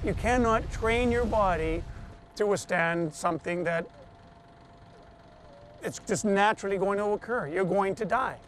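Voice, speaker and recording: A man with a high, light voice tells a personal story in a television interview. He retells it with energy and shifts his voice when he quotes other people. A faint hum of outdoor traffic sits under his speech. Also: unhurried, long pauses, a bit bright.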